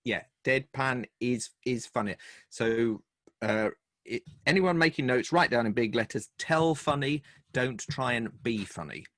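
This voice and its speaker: A man's voice: medium pitch, no room sound. British man telling stories, dry sound. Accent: British English. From Britain. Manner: lively storyteller, quick asides. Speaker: guest, humor and speaking coach. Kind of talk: casual video-call interview.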